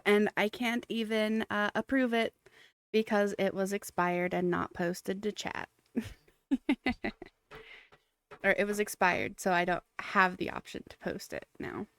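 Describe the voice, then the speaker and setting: A woman's voice: medium pitch, takes it slowly, smooth. A woman game streamer chatting casually with her live viewers, giggly and self-deprecating.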